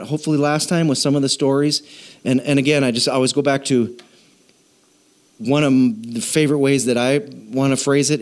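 This medium-pitched pastor moves between hushed asides and booming emphatic lines as he preaches to his congregation. He cracks jokes and prompts the people to call back during the sermon.

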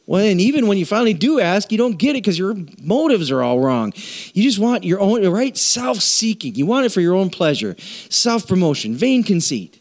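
A man's voice: high voice, big pitch swings, normal speed. A man preaching a sermon in a humorous, conversational way and asking the congregation to answer back. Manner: humorous, conversational, self-deprecating; asks the congregation for responses. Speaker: pastor.

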